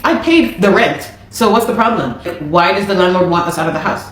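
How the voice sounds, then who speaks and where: A Canadian woman with a slightly low voice tells her own story in a casual, animated way. She is exasperated and keeps repeating phrases as she goes. The sound carries a roomy echo with a faint hum behind it. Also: a little fast. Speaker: interviewee. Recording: echoey room.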